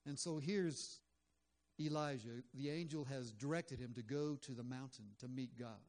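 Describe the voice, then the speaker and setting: A man's voice: medium pitch, moderate pace, darkish tone. Male pastor, mid-range voice, earnest conversational sermon delivery. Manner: conversational, earnest, with frequent fillers.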